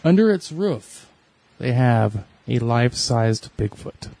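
A man's voice: medium pitch, sing-song, takes it slowly, creaky, warm tone. A man chatting casually with a friend, telling rambling stories in a laid-back way. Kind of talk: casual chat.

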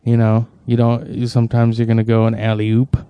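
A man's voice: mid-range voice, monotone, brisk, clean tone, no room sound, phone-quality sound. A man in casual chat, laid-back with dry jokes.

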